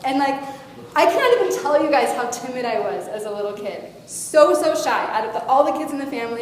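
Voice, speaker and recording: A woman's voice: on the high side, fast. A woman animatedly telling a personal faith story to a young audience as a guest speaker. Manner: animated storytelling with lively shifts in loudness. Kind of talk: personal testimony to a youth audience. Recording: echoey hall, faint noise.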